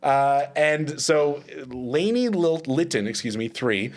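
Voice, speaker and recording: A man with a Canadian accent hosting a comedy podcast quiz, wry and quick to laugh at his own riffs. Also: fairly high pitch, expressive. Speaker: podcast host running a quiz game. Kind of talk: comedic panel chat.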